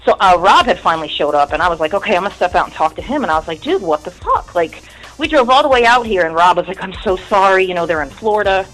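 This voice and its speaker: A woman's voice: lowish voice, expressive, quick pace, a bit bright, soft background music, poor audio. Woman in her 30s rambling thru a story on a radio interview, swears a ton, very candid. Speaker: musician guest.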